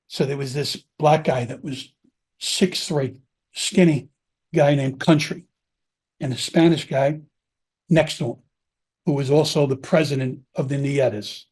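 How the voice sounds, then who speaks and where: A middle-aged man, a former police officer, telling his own story in an interview in a blunt, heavily profane, animated way. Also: a little high, slightly rough. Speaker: podcast guest recounting his prison time.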